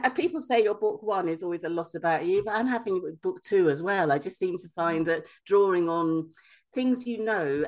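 Fifties woman, author guest; frank, lively, low-pitched, self-deprecating chat. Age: 50s. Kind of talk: casual interview chat.

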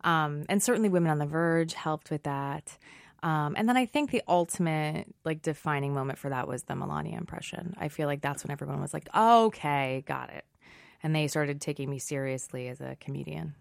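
A stage actress in her thirties talks through an interview with easy, self-deprecating humor. Her woman's voice sits low and the sound is dry and close, with no room around it. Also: gravelly, dry recording. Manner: chatty, self-deprecating, quick to laugh. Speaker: Broadway actress guest. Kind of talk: casual interview chat.

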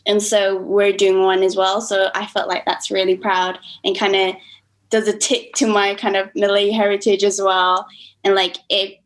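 A woman's voice: medium pitch, flat delivery, normal speed, rough recording. Woman, 20s, slight American accent, podcast guest, chatty, laughs easily. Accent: American-tinged. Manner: chatty, quotes herself often, laughs easily. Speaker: podcast guest, final-year student. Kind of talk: casual conversation.

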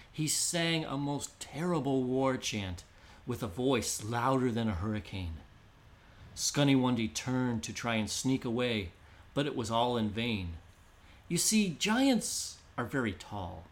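A man narrates a traditional storybook tale in a measured, descriptive way. His voice sits at an ordinary middle pitch. He takes each line steadily.

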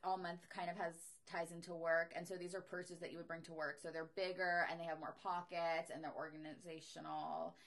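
A woman's voice: lowish voice, flat delivery, brisk, few pauses. A young adult woman, a comedian co-hosting a podcast, talking in an emphatic, opinionated way during a casual chat.

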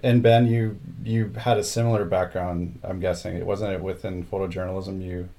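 A man's voice: low voice, level tone, normal speed, mellow. A man hosting an interview, asking long rambling questions full of fillers. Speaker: podcast host interviewing photographers. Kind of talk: casual interview.

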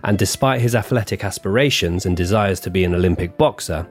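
A man's voice: deep voice, fairly quick, soft background music. A man co-hosting a true-crime podcast, reading his script with offhand asides and banter. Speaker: podcast co-host.

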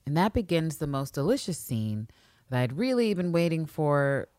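A woman co-hosting a fan podcast in casual chat, animated and quick to act out characters' lines. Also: low-pitched, no room sound, clean studio sound. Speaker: podcast co-host.

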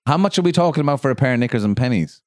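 Lively man, swearing and teasing. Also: medium pitch, rapid-fire, no echo, clean studio sound. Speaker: podcast co-host. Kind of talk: casual chat.

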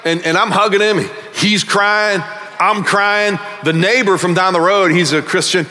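A middle-aged male pastor preaching a sermon emphatically, swinging between loud bursts and quiet asides in a large church hall. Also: high-pitched, steady tone, a little slow.

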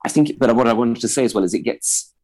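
A man's voice: medium pitch, fast, darkish tone, low-quality recording. A man in his thirties with a posh-sounding voice, a comedian guest in a radio interview, talking hesitantly with many restarts. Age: 30s. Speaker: stand-up comedian.

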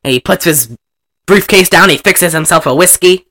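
A man casually retelling an old film, animated and profane, laughing often and acting out the characters' lines. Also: sits high, normal speed. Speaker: movie recapper.

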